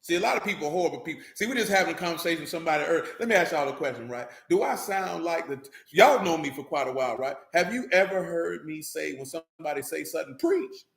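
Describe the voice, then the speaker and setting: A man with a high, bright voice preaches in a loose, conversational way. He mixes scripture reading with slangy asides to the congregation. The sound rings off an echoey room. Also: quick pace, gravelly, few pauses. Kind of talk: informal sermon with Bible reading.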